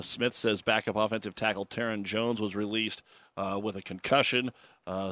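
A man's voice: fairly low pitch, fairly bright tone, dry recording. A man hosting a sports radio show, reading news and sponsor spots with the odd filler. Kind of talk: sports radio talk and live ad reads.

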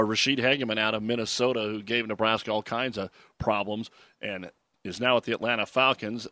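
A man's voice: mid-range voice, pushed and bright, no echo. A man hosting a sports radio show, reading news and sponsor spots with the odd filler. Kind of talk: sports radio talk and live ad reads.

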